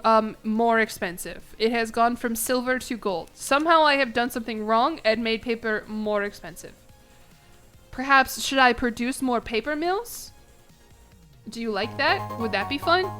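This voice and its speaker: A woman's voice: fairly high pitch, a bit bright. A young woman streaming a strategy game, chatting casually with viewers in a sarcastic, swearing manner. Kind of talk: casual gameplay livestream chat.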